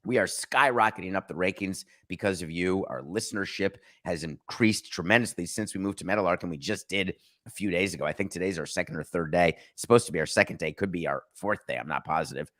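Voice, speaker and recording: A man's voice: sits low, fast talker, few pauses, fairly bright tone. A man hosting a podcast, giving emphatic and sarcastic opinionated sports talk. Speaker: podcast host.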